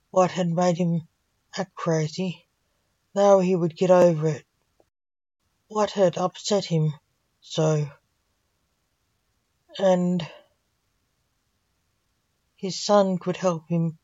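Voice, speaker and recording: A woman reads a story aloud with slow, measured phrasing. Her voice sits a little low. The recording is dull and dry, with no room sound. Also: mellow, no room sound.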